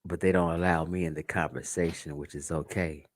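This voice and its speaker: A man's voice: sits low, steady tone, brisk. A man from the United States hosting a livestream, talking casually and profanely to his viewers, telling stories and laughing often. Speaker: livestream host.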